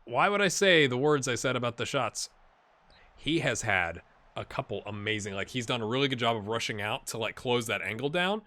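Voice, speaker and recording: Lively, bright-voiced man narrating a football game. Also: mid-range voice, a little fast. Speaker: gaming YouTuber playing a football manager game. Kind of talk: casual let's-play commentary. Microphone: headset with earbuds.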